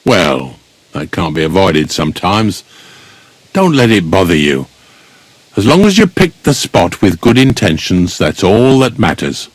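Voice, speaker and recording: A gruff old gravedigger. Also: male voice, medium pitch, big pitch swings, measured pace, no room sound. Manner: grumbling, blunt, folksy. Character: gruff older village gravedigger, blunt and grumbling. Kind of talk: video game dialogue.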